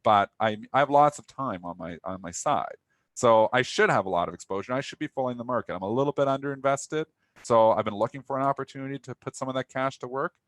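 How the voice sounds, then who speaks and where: A man's voice: medium pitch, quick pace, fairly bright tone, dry recording. A young man co-hosting a live trading talk show, talking candidly and restlessly, often repeating himself. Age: young adult. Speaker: co-host.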